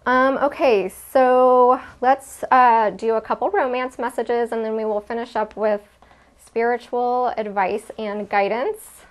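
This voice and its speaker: A woman giving a spiritual card reading, talking gently with frequent ums and soft laughs. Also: fairly high pitch, steady tone, unhurried. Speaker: tarot reader.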